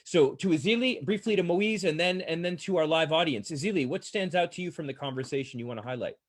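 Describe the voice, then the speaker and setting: A man hosting and moderating a live online panel over a video call, talking in a halting way and often repeating words. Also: a little high. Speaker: host and moderator.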